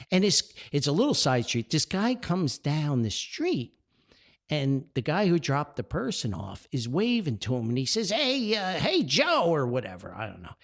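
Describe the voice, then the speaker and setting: Older man, North Jersey accent, gravelly voice, lively pitch, podcast storytelling. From New Jersey. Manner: animated, chuckling, jumps up for quoted voices. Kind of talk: casual anecdotal storytelling.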